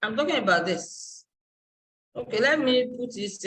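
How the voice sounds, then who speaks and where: A woman's voice: a little high, animated, measured pace, a bit bright, slight background noise, low-quality recording. A woman university lecturer and dean giving a live online class, explaining step by step and searching aloud for terms.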